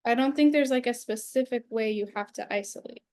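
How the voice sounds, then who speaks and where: High-pitched woman just chatting while she paints, easygoing, says like a lot, super dry mic. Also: fairly quick, a little mellow, no echo. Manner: easygoing, frequent "like" fillers. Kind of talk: casual chat while painting live.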